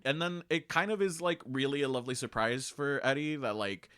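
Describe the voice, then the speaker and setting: A man co-hosting a podcast, casually retelling a fanfiction plot in an animated, chatty way with lots of fillers. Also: medium pitch, a little fast, clear, resonant tone, no echo, clean studio sound. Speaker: podcast co-host. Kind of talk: casual chat recapping a fanfic.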